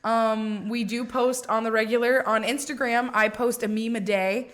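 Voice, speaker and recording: Young woman, podcast co-host, casual chat, rambling, laughs a lot, fairly high voice. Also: steady tone, moderate pace. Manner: laughs often, swears, rambling storytelling.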